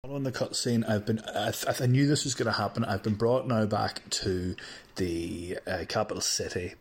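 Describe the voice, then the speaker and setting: A man giving a wry, meandering recap of his game progress, full of hesitant fillers. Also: lowish voice. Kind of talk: recorded gameplay recap.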